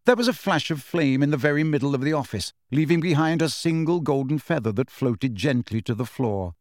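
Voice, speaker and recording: A man narrating a novel as an audiobook, with an expressive, varied delivery. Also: medium pitch, a little fast, dry recording, clean studio sound. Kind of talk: scripted narration.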